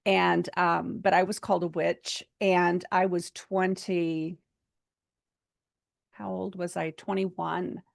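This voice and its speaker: Woman, gravelly voice, dry close sound, earnest chatty storytelling. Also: fairly low pitch, level tone, slow, dry recording. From United States. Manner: earnest, chatty with many fillers. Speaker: seminar speaker. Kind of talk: personal storytelling in a talk.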